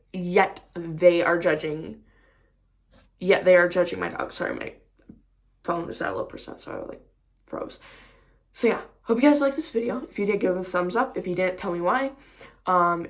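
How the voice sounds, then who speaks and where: Woman vlogger, casual chat to camera, rambling, filler-heavy, somewhat low voice. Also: a bit bright.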